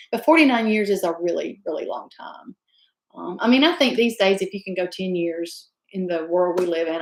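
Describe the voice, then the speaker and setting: A woman's voice: medium pitch, reverberant. Chatty woman live-streaming. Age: 50s. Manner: chatty and effusive, greeting viewers by name. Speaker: livestream host. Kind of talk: casual live-stream chat reading viewer comments.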